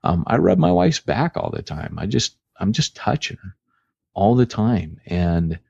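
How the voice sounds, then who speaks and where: Deep gravelly man, dull lo-fi podcast audio. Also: big pitch swings, unhurried, dark tone, no room sound. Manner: rambling, folksy, frequent filler words. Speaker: podcast co-host. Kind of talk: casual podcast chat.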